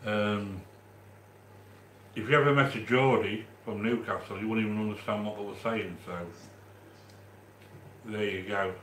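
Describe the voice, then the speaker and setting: A man from the English Midlands with a Midlands accent, hosting a live stream and chatting warmly with viewers as he reads their comments, with frequent restarts. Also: on the low side, fairly even intonation, unhurried, long pauses, reverberant, slight background noise. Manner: chatty and affectionate, with many restarts. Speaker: livestream host reading chat. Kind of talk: casual live-stream chat.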